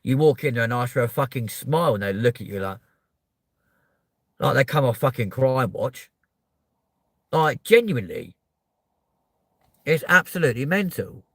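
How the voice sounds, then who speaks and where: A man's voice: medium pitch, sing-song, moderate pace, vocal fry, pauses often, dry recording. Heated, profane man. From Kent, England. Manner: profane, heated, swings into shouting. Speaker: livestreamer. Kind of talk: live stream rant, reading chat.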